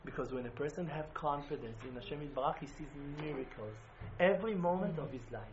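Man, emphatic religious teacher; high-pitched, faint background noise on a muffled recording. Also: fast talker. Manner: emphatic, swings from loud exclamations to quiet intensity. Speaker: Breslov Hasidic teacher. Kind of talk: impassioned religious talk.

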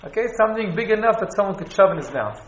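A man teaching an informal class on Jewish law, halting and restarting as he explains. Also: high-pitched, lively intonation, a little hiss or hum. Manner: halting, restarts, Hebrew and Yiddish terms. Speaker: Torah teacher. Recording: echoey, dull room recording.

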